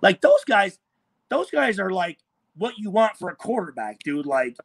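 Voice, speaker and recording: Ex-player guest, man, higher pitch, dry close sound, profane and lively in the telling. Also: moderate pace, creaky, breathy edge, no room sound. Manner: animated, profane storytelling. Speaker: former NFL player guest. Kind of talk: casual storytelling chat. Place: hotel room.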